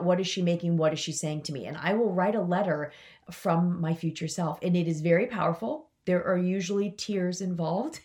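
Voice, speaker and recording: A woman's voice: lowish voice, darkish tone. A woman hosting a motivational podcast, talking to her listeners in an enthusiastic, chatty way. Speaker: podcast host and coach.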